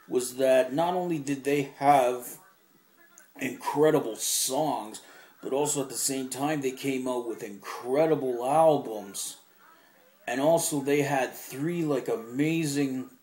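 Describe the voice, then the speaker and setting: A man's voice: mid-range voice, darkish tone, echoey room. A young man casually showing off his favorite albums, enthusiastic and rambling, swearing now and then. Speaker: music collector vlogger. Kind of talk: casual show-and-tell.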